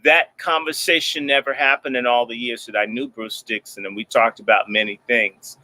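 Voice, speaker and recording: A man in casual talk, telling stories in an animated way and slipping into mocking voices. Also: medium pitch, moderate pace.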